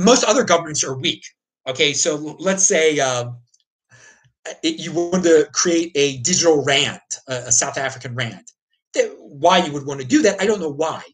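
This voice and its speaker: A man's voice: fairly high pitch, fairly bright tone, rough recording. A man hosting a livestream, talking off the cuff in an emphatic, ranting way, repeating himself and restarting often. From United States. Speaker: crypto livestream host. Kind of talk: unscripted opinion talk answering viewers.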